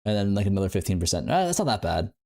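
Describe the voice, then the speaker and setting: A man's voice: sits low, very animated, racing, vocal fry, mellow. Rambling young male game streamer. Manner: rambling, playful, many fillers and restarts. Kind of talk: casual livestream chat.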